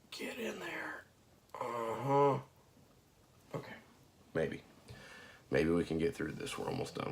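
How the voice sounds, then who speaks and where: A man casually recapping a film, rambling and profane, with frequent fillers and laughs. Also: low voice. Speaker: movie reviewer. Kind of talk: casual spoken movie recap.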